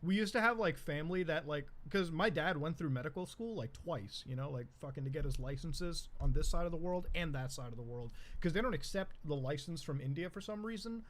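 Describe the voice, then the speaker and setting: A man's voice: a little high, lively intonation, a little fast, hardly any pauses. A man telling a casual story in a rambling, profane way, with many fillers and bursts of laughter. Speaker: streamer.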